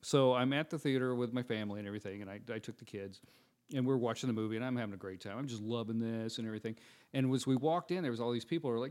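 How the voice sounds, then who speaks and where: Male podcast co-host, mid-pitched, relaxed anecdotal storyteller. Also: rapid-fire. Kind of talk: casual storytelling.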